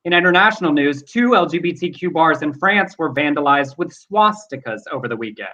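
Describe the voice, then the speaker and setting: A man's voice: fairly high pitch, expressive, a little fast, pushed and bright. Earnest male co-host, muffled audio. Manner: earnest, reflective. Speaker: talk show co-host. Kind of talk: casual news chat.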